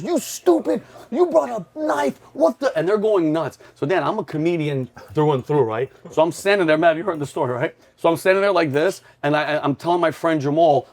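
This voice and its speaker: Excitable comedian host, storytelling loud. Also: male voice, on the high side. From New York. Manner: loud, excitable, acts out yelling drill instructors.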